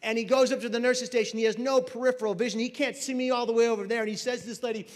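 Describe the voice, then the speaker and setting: A man telling a personal story on stage as a mental health speaker, animated and loud at the punchlines. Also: extremely high pitch, very fast. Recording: reverberant hall.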